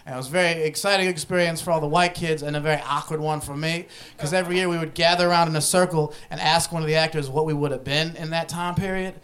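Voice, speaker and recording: A man's voice: a little high, steady tone, fast talker, few pauses, a bit bright. A young man from Ohio doing a stand-up comedy set, talking loosely and laughing as he goes, with audience laughter around him. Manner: loose, laughing, conversational delivery. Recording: live club with audience laughter.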